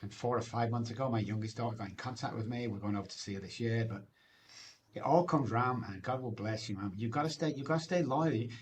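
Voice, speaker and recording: A man's voice: fairly low pitch, steady tone, quick pace, a little hiss or hum. A man, telling his recovery story as a guest in an emphatic, personal way, often ending phrases with "man". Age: 60s.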